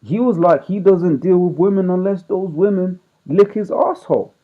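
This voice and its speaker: Over thin, phone-like audio, a street preacher gives an informal scripture lesson at a moderate pace, his voice sitting high. He reads out verses and breaks them down in slang. Almost every point ends with him checking in with "right?"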